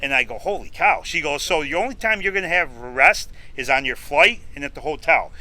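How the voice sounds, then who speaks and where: Upstate new york guy, middle aged, bright sharp voice, tells stories doing everybody's lines. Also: a little high, fairly quick, low-quality recording. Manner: animated storyteller acting out both sides of conversations. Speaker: podcast guest, food show host. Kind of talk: casual storytelling interview.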